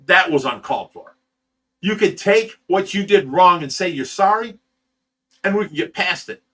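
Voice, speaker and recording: A man's voice: sits high, animated, moderate pace, a bit bright. A man who runs a fish rescue, telling a story on a livestream in a heated, profane way and stammering over repeated words. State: sleep-deprived.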